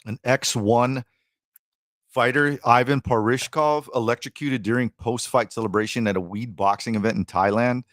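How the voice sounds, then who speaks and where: A man's voice: mid-range voice, steady tone, normal speed, fairly bright tone, dry recording, clean studio sound. A man hosting a casual fight podcast, slangy and laughing, calling people bro. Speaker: podcast host. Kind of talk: casual chat.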